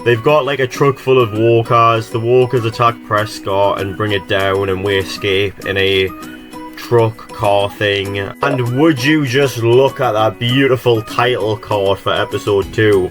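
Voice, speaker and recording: Guy recapping a game, sarcastic, swears a ton, yelps up high when annoyed, bit of music behind. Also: normal speed. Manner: exasperated, sarcastic, swears a lot, jumps to high excited yelps. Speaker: gaming video creator. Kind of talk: sarcastic gameplay recap commentary.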